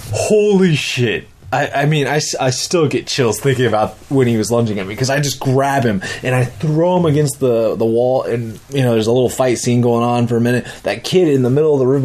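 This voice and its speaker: Rambling, animated man telling a story. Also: medium pitch. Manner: animated, rambling, profane, acts out quotes. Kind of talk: casual storytelling.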